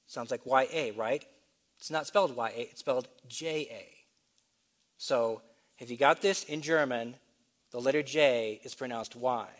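Pastor type, man, mid-pitched, steady teaching delivery that spells things out and asks then answers. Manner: explanatory, spells out letters, asks and answers questions. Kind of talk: sermon teaching.

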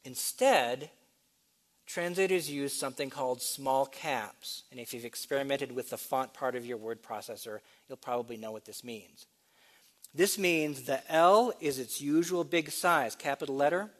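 A man's voice: mid-range voice, normal speed. A man, a pastor, teaching a sermon in an explanatory way, spelling out letters and posing questions he then answers.

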